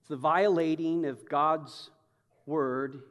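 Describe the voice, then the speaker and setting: Slow, emphatic preacher in a reverberant hall. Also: male voice, a little high, steady tone, fairly bright tone. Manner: emphatic, conversational preaching with humor. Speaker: pastor. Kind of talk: sermon.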